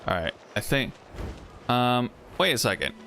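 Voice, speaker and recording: A man's voice: medium pitch, sing-song, measured pace, bright, forceful tone. A man streaming a video game with casual, rambling, jokey commentary, often breaking into laughs. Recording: faint music underneath.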